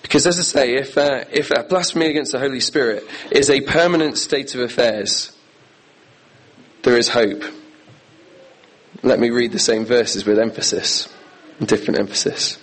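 An earnest man delivering a sermon, leaning hard on key phrases and repeating them for weight. His pitch sits in an ordinary middle range for a man. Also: moderate pace, pauses often, breathy edge, low-quality recording. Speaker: preacher.

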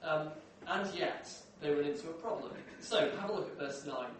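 A man's voice: on the high side, normal speed, fairly bright tone, a little hiss or hum. A man preaching a sermon in a conversational way, often asking the room questions. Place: large echoey church hall. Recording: echoey hall from far off.

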